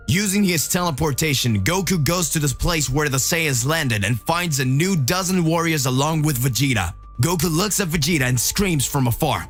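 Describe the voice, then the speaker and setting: A man's voice: a little high, expressive, normal speed, hardly any pauses, husky, soft background music. A man narrating a dramatic fan-made story.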